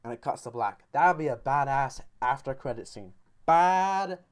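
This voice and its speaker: A man's voice: mid-range voice, moderate pace. A man giving a comedic anime commentary, rambling and joking with goofy asides. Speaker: YouTuber.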